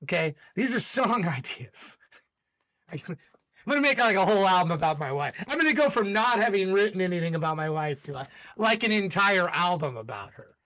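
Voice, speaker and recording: Intense, animated man with a dull, lo-fi sound. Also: high voice, quick pace. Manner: intense, emphatic, rambling with repeated restarts. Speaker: host. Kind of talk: casual livestream chat.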